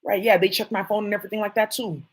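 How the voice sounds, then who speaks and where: A woman's voice: medium pitch, fairly even intonation, racing, rough recording. A woman vlogger talking to her viewers in a rambling, jumpy monologue, swearing often.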